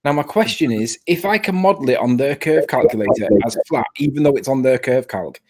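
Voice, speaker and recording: A man's voice: medium pitch, expressive, brisk, a little mellow. A man on a video call, arguing a point insistently in a casual debate and stumbling over his words. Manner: stammering, insistent. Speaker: caller on a live stream.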